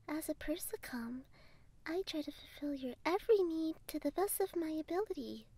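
A woman voicing a devoted young female android housekeeper in a soft, deferential whispered role-play. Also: very high voice, dry recording.

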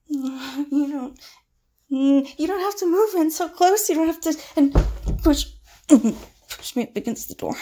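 A woman's voice: high-pitched, a little mellow, exaggerated voice. A woman playing a frightened young woman in an audio role-play drama, pleading with a possessive captor. She stammers and drops into whispers. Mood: anxious.

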